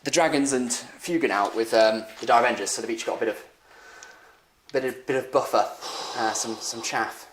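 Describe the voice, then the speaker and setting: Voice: mid-range voice, normal speed, slight background noise. A host chatting casually and self-deprecatingly while setting up a tabletop wargame on stream, swearing freely. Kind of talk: casual chat during a tabletop game stream. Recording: roomy echo.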